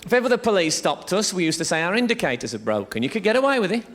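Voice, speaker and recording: A stand-up comedian with a high, rapid-fire voice rambles through a lively, swearing set on a theatre stage. It's a live theatre recording, with the audience's laughter audible.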